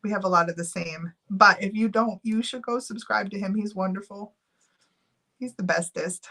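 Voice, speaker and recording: A woman's voice: mid-range voice, moderate pace, sharp tone. A middle-aged woman chatting casually on a live stream, giggling often and reading out viewer names while she runs a giveaway.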